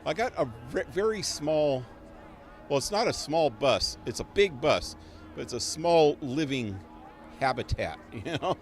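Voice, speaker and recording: A man's voice: fairly high pitch, expressive, unhurried, a faint crowd. A man livestreaming a video game, commenting casually, laughing often and swearing in passing. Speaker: gaming livestreamer. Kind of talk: live gameplay commentary. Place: small home.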